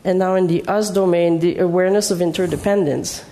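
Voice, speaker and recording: Woman giving a talk, mellow voice, explains things calmly. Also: lowish voice, fairly quick. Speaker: educator presenting. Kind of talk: presentation talk.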